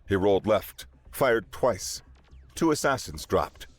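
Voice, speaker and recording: A man narrating a sci-fi story in a steady, dramatic way. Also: on the low side, takes it slowly, faint music behind.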